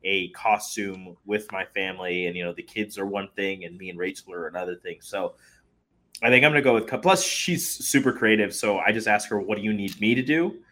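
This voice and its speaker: Laid-back podcast cohost guy, lowish voice, bright and crisp. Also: fairly quick. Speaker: podcast co-host. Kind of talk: casual chat.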